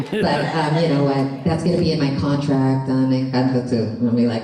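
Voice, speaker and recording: A woman voice actress answering fan questions on a convention panel, chatty and animated, laughing often and slipping into Spanish. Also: sits low, fast talker, hardly any pauses, crowd noise. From Colombian family, born in Florida. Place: large convention hall. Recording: echoey hall, distant mic, audience noise.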